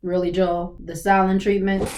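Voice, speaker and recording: A woman's voice: mid-range voice, flat delivery, moderate pace, a little mellow, slight background noise. A woman hosting a reaction channel, giving casual, slangy commentary with whispered asides.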